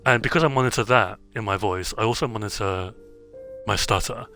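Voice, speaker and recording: Low, bright-toned streamer man chatting. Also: fairly quick, soft background music. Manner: rambling, self-interrupting, many fillers. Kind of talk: casual gameplay chat.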